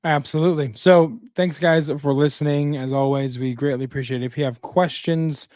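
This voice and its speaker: A man's voice: a little high, steady tone, normal speed, darkish tone, no room sound. Joking man podcast co-host, dry sound. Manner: jokey, tells dad jokes. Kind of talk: casual podcast chat.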